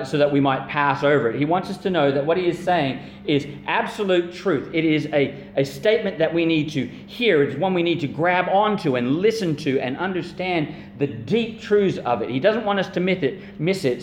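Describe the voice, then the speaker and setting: A man preaching with earnest emphasis, slowing and stretching his key words and repeating phrases for weight. His voice sits a little high for a man, and it rings around a reverberant room over a faint low hum. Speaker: pastor. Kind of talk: sermon.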